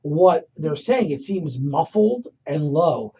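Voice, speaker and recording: A man chatting on a live radio show, talking quickly and casually with the host. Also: fairly high pitch, sing-song, warm tone, husky. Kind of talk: casual on-air banter. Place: radio studio. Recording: dull lo-fi radio broadcast sound.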